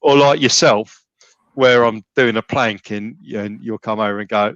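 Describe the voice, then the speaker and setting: A man's voice: fairly low pitch, steady tone, normal speed, a bit bright, no room sound, lo-fi sound. A man talking casually as a podcast guest, rambling with many restarts and fillers. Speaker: gym member guest.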